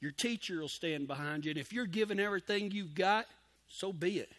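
A man's voice: high-pitched, brisk, a bit bright. A man preaching a sermon in a folksy, emphatic way, with cowboy slang and key phrases repeated for emphasis.

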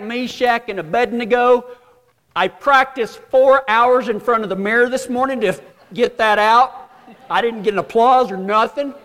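A man preaching a storytelling sermon, folksy and self-deprecating, with dramatic pauses. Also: high-pitched, fairly bright tone. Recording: long hall reverb.

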